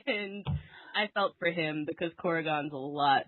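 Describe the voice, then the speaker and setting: A woman's voice: sits low, moderate pace, no room sound. A young woman co-hosting a casual podcast, chatty and giggly, with lots of filler words. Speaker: podcast co-host. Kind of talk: casual chat. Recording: tinny phone-like sound, very dry.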